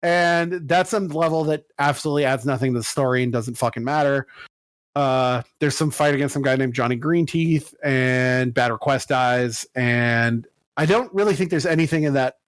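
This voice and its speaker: A man co-hosting a podcast, telling stories in casual chat and acting out quotes with big jumps in pitch. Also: moderate pace, no echo. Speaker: podcast co-host.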